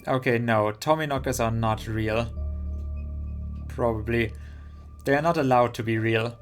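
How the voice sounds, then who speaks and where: A man's voice: medium pitch, unhurried, faint music behind, lightly acted. A man voicing a nervous, superstitious young woman who frets anxiously, reading a game's lines aloud. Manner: anxious, fretful.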